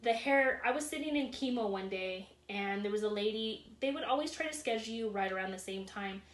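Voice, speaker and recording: A woman, a guest in a casual interview, telling her story in a calm, matter-of-fact way. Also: fairly high pitch, fairly quick, roomy sound.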